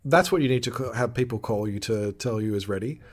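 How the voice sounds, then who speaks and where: A man hosts a podcast, recapping a show in a jokey, animated way. His voice sits at an ordinary middle pitch. It comes across as relaxed casual chat between co-hosts. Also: quick pace. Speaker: podcast host.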